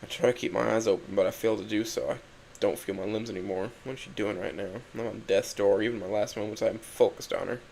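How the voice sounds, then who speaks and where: Low gravelly young man reading a story. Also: fairly even intonation, fast talker, a little mellow, a little hiss or hum, rough recording. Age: young adult. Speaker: narrator. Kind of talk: first-person story reading.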